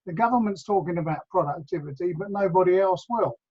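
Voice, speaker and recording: An older man joins a webinar over a video call and speaks frankly, a little wearily. His voice sits high for a man. The call audio sounds dull and lo-fi. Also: fairly quick, breathy edge. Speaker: webinar participant.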